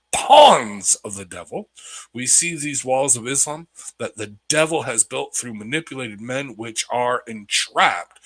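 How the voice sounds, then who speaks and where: A man reading a joke sponsor ad in a put-on deeper radio announcer voice. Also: fairly bright tone, no echo.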